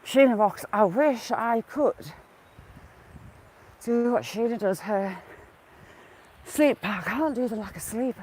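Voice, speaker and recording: A woman's voice: on the high side, lively intonation, slow, long pauses, a little mellow, low-quality recording. Woman vlogger, slightly breathless, casual live-stream chat on an outdoor walk, faint hiss behind. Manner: chatty, greets viewers by name. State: a bit out of breath. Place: outdoors on a woodland walk by water.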